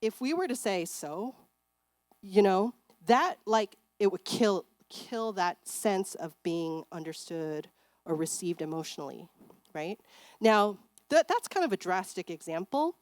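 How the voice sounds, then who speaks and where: A woman's voice: mid-range voice, unhurried, dry recording. Chatty woman giving a seminar talk. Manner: chatty, animated, acts out parents and kids in bright voices. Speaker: seminar speaker.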